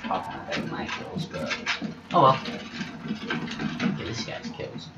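Excitable man narrating live gameplay. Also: sits low, a little slow, lo-fi sound. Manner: excitable, reacting aloud to every kill. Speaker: gameplay commentator. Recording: roomy with loud game music.

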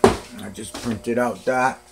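A man's voice: medium pitch, fairly even intonation, slow, creaky, heavy background noise. A man at home filming on his phone, talking fondly to his cats in a casual way. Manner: talks to his cats in a fond, cooing way. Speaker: cat owner filming his pets. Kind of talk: casual home video chat. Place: at home indoors. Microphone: phone camera.

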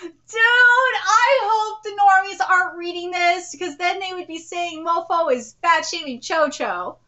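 A woman hosting a live manga reaction stream, gushing and swearing as an excitable fan. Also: extremely high pitch, unhurried.

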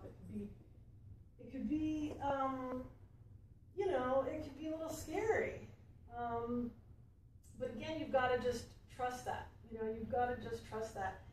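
A woman coach talks earnestly and casually to a small group, her high voice full of fillers and friendly asides. The recording is very echoey and taken from far off, with a faint hum underneath. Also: darkish tone. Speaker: life coach and speaker. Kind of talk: motivational talk to a small audience. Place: library event room.

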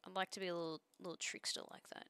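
A woman's voice: fairly low pitch, flat delivery, rapid-fire, sharp tone, clean tone, no echo. A young woman chatting casually as a streamer while she draws pixel art, joking around and trailing off into restarts.

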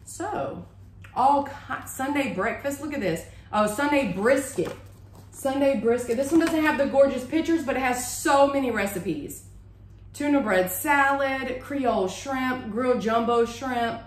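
A woman's voice: sits high, expressive, measured pace, echoey room, a little hiss or hum. A woman, chatting casually and gushing as she shows off a shopping haul at home. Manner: chatty, gushing, says y'all a lot. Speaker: haul vlogger. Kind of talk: casual show-and-tell haul. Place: room at home with a bookshelf.

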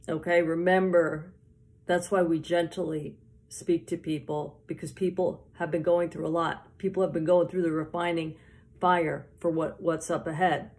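A woman giving an informal sermon, earnest and gently encouraging, halting with many fillers and restarts as she prays and reads scripture. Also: on the low side. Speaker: prophetic ministry teacher.

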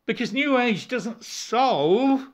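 A man's voice: extremely high pitch, animated, slow pace. A man preaching an informal, rambling sermon, repeating words and chuckling as he goes.

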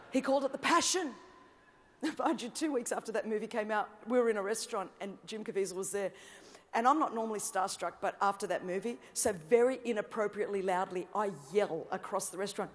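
An Australian woman preaching a sermon, telling humorous stories in an animated way and building to shouted passion. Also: high voice, a little fast, a little hiss or hum.

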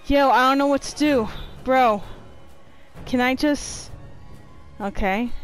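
Slow-talking woman gamer, swearing. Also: high-pitched, soft background music. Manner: profane, jumps from flat muttering to panicked yelps. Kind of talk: let's play commentary.

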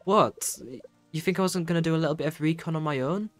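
A man putting on a sly woman rancher's voice, teasing her old friend. She speaks casually and a little mockingly, pitched somewhat high. Soft game music plays underneath. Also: quick pace, no room sound, natural voice. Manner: teasing, casual read-aloud delivery. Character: cheeky, teasing woman rancher, rival and mentor. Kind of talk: reading game dialogue aloud in a character voice.

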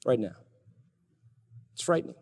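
An older man preaching an expository sermon, swinging from loud emphasis to hushed, low lines. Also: normal speed. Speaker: pastor. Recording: reverberant hall recording.

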